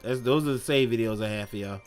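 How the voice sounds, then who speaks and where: A man's voice: mid-range voice, quick pace, faint music behind. A man streaming live, reacting to clips in casual, slangy chat and laughing often.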